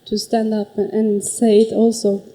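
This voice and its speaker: A woman in the audience putting a question to a teacher, halting and searching for her words. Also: medium pitch, flat delivery, dark tone. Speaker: audience member asking the teacher. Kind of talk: hesitant question from the floor. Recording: distant mic with long hall reverb.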